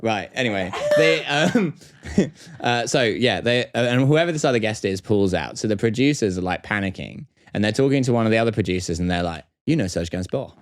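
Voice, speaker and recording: Man, podcast host, casual anecdote, lively character voices. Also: on the low side. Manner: animated storyteller doing quick character voices.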